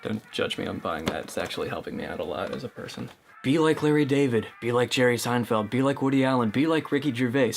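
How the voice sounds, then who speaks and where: A man's voice: mid-range voice, a little hiss or hum. A young man delivering a sarcastic, mock-instructional comedy monologue as host of his own video. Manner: sarcastic, mock-instructional, shifts into silly voices. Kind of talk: satirical scripted monologue.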